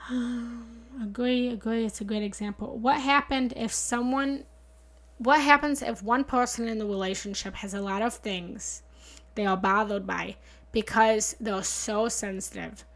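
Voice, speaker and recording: A woman with a fairly high, bright voice and a touch of gravel hosts a live meditation talk from her home setup. She chats earnestly with her viewers, repeats her points and thanks them often, and she speaks into a studio mic. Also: measured pace. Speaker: meditation teacher hosting a live session. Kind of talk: casual live-stream talk, reading and answering comments. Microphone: studio mic through a small soundboard.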